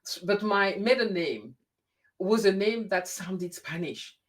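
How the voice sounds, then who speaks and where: A woman hosting a casual conversation, telling stories in an animated way and often restarting her sentences. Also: mid-range voice, slow pace. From grew up in France. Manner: animated storyteller with frequent restarts. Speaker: host. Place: lives in the UK.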